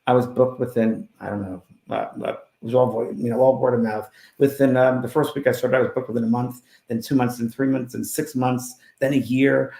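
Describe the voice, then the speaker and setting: A man with a gravelly, mid-pitched voice tells his stories in an animated way, turning loud and then hushed. He is a medium in a casual interview, and his voice carries a roomy echo. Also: brisk, few pauses. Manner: animated storyteller who swings between loud and hushed. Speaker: spiritual medium, guest.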